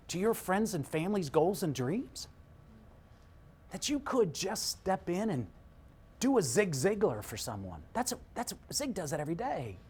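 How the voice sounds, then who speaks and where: A middle-aged man giving an energetic motivational talk, telling a story and acting out the voices of the people in it, swinging from hushed to shouting. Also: a little high, a little hiss or hum. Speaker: motivational speaker.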